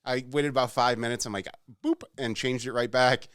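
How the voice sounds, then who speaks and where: Animated man retelling a bar prank. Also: mid-range voice, a little fast, clean tone, no room sound, studio quality. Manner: animated storyteller, acts out quotes. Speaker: podcast co-host. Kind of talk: casual chat.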